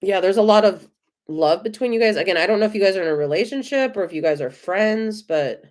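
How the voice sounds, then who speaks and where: A woman with an American accent giving tarot readings on a live stream, gentle, effusive and reassuring. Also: mid-range voice, animated, quick pace. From United States. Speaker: tarot reader.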